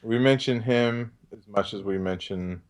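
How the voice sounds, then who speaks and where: A man's voice: on the low side, measured pace. A man co-hosting a casual film-review podcast, laid-back with brief replies and frequent laughter. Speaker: podcast co-host.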